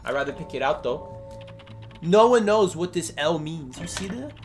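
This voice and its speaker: A man's voice: a little high, moderate pace, soft background music. A man commentating his own gameplay live, joking and talking to his chat. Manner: animated, joking, talks to chat. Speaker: gaming streamer.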